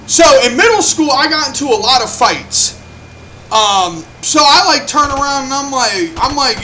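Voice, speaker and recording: High, bright-voiced young man telling a story. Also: normal speed, a little hiss or hum. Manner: animated, profane, acts out quotes. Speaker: vlogger. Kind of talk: casual storytelling.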